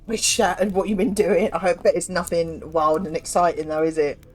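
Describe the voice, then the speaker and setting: A woman's voice: on the low side, flat delivery, moderate pace. A woman chatting casually as a streamer while playing a game, rambling and self-mocking. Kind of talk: casual chat while gaming.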